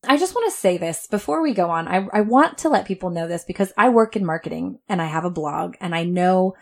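A woman's voice: fairly low pitch, animated, brisk, a little mellow. A woman in her thirties co-hosting a podcast, telling a story with lots of laughter and quoted asides. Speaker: podcast co-host. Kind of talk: casual chat.

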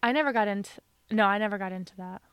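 A woman co-hosting a podcast in casual chat, telling a story with animated quoted voices and frequent laughter. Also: mid-range voice, racing, clear, resonant tone, no echo. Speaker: podcast co-host.

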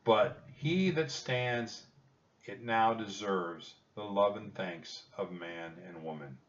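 A man's voice: fairly low pitch, slow, a bit bright. A man voicing an earnest, brave young boy, speaking raised and earnest, heard as a dull, distant recording.

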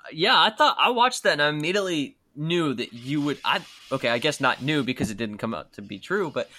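Bright, teasing podcast co-host. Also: male voice, a little high, expressive, brisk. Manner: teasing, joking. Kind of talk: casual podcast chat.

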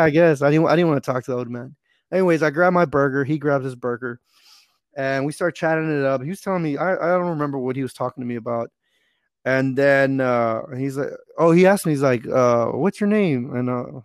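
A man's voice: medium pitch, brisk, dry recording, clean studio sound. A young man from Texas telling a rambling, profane story in casual podcast chat. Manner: rambling, profane, animated retelling.

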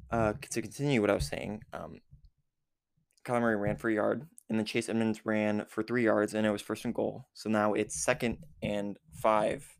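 A man with a low, gravelly voice talks through a football game play by play. He rambles and corrects himself often, with many fillers. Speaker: football fan recapping a game. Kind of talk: casual game recap. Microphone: recording app with a time limit.

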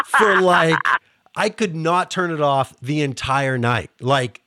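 Man, Pittsburgh accent, casual interview host, laughs a lot, slightly high voice, dry sound. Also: big pitch swings, slow, bright, forceful tone, no room sound. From Pittsburgh area. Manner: laughs often, restarts his sentences. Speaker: podcast host.

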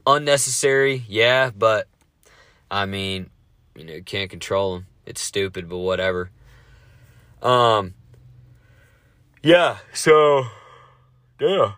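A man hosting a casual sports podcast, talking fast with lots of swearing and rambling asides. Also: deep voice, bright, forceful tone, clean tone, no echo, studio quality.

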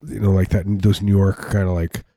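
A man's voice: sits low, flat delivery, brisk, dark tone, no room sound, studio quality. A man in casual comedic chat, rambling and joking, often slipping into silly voices. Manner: rambling, jokey, slips into silly put-on voices.

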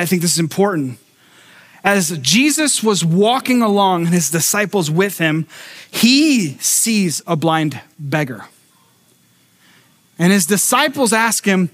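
A man's voice: sits high, measured pace, pauses often. A middle-aged male pastor preaching a sermon, telling a personal story with acted-out quotes and stumbling restarts. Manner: animated storyteller who acts out quotes and repeats words.

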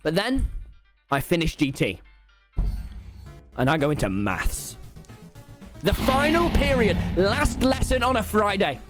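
A man's voice: sits high, sing-song, a little slow, pauses often, faint music behind. A teenage boy with a British accent tells a rambling, sarcastic school story while gaming live on stream, full of mock self-pity. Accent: British English.

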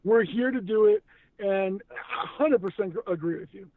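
Crowd noise can be heard as a high-pitched man speaks at a moderate pace about faith, earnest and emphatic, restarting often in a casual conversation. He's a guest who once acted and now works in news media, heard over a tinny, phone-like, dry line.

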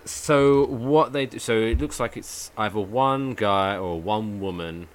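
A man co-hosting a podcast in casual chat, animated storytelling with free swearing. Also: fairly low pitch, unhurried. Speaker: podcast co-host.

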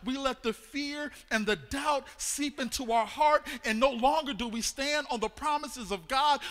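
A man preaching a sermon in a church, with a sing-song cadence that rises into loud exclamations. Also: extremely high pitch. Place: church sanctuary. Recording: long hall reverb.

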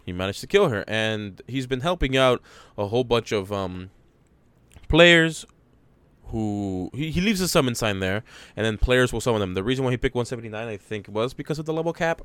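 A man's voice: medium pitch, expressive, brisk, a bit bright, smooth, no room sound. A man co-hosting a podcast, explaining game details at length in a rambling way, with many restarts. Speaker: podcast co-host. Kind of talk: casual gaming chat.

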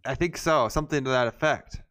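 Rambling, smooth-voiced man telling anecdotes. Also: mid-range voice, brisk, a bit bright. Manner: rambling anecdotes with many fillers and restarts. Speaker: podcast co-host. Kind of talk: casual chat, storytelling.

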